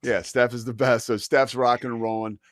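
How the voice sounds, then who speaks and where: Man, sports radio host, chatty and rambling, mid-pitched voice, dry close mic. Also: moderate pace, no room sound. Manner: animated, rambling, laughs at his own story. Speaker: sports talk show host. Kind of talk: casual talk-radio chat with live ad reads.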